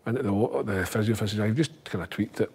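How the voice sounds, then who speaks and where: A man's voice: lowish voice, brisk, slightly rough. A man with a Scottish accent, a former footballer telling a long story as a guest in casual talk, acting out the voices of the people he quotes. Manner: animated, acts out quoted voices.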